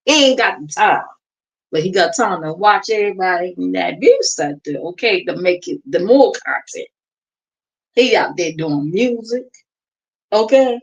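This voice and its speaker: A woman's voice: mid-range voice, unhurried, pauses often, poor audio. A woman. She gossips with sassy, mocking asides. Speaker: livestream host. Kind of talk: casual reaction stream chat.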